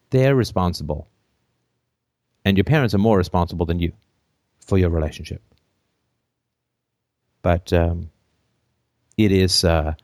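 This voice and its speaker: A man hosting a call-in show, giving advice in a talkative, animated way and acting out jokes. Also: deep voice, no echo, studio quality. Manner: animated, acts out silly voices and jokes. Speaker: host.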